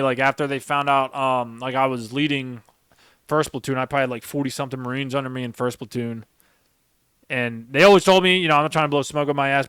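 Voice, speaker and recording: Swearing, rambling young man, smooth voice. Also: mid-range voice, a bit bright, dry recording, clean studio sound. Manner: heavy swearing, rambling, emphatic. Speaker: podcast host, former Marine sergeant. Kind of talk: casual storytelling chat.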